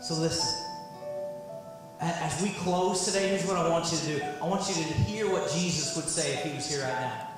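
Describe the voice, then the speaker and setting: A pastor giving a sermon, an excitable man whose voice jumps high when he is moved. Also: fairly quick. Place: church sanctuary. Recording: echoey church sanctuary with music. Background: band playing.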